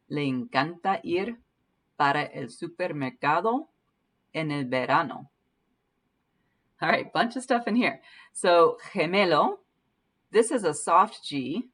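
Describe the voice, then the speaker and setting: A woman teaching Spanish pronunciation in a patient way, slowly repeating each word to demonstrate it. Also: deep voice, a bit bright. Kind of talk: language lesson.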